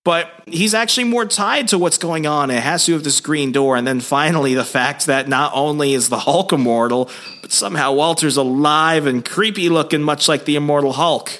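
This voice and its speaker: A man co-hosting a casual podcast, recapping a story in an animated way. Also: fairly high pitch, normal speed. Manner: animated storyteller, slips into voices. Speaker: podcast co-host. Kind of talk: casual chat, recapping a comic.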